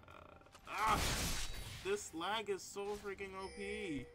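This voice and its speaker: A fairly high-voiced man talks through his video game in loose, rambling commentary, often bursting into exasperated exclamations. Game music plays clearly behind him. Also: steady tone, slow. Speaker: gameplay commentator. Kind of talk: casual live gameplay commentary.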